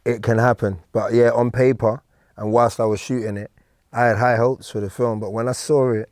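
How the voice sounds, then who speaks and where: A middle-aged man with a London accent, a guest actor in an interview, tells stories in a relaxed, casual way full of slang and laughs. His medium-pitched voice is brisk, recorded in studio quality with no echo.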